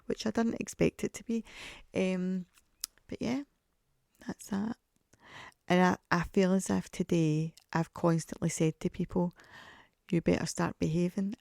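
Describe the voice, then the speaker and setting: A woman's voice: lowish voice, creaky, darkish tone, dry recording, clean studio sound. A middle-aged woman chatting on her podcast, telling stories and laughing often. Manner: chatty storyteller, laughs often, acts out quoted voices. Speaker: podcast host. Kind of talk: casual solo podcast chat.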